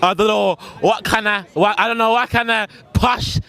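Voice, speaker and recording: A man's voice: high voice, steady tone, normal speed, pushed and bright, voice pushed up. A man voicing a teasing young roadman who mocks in slang.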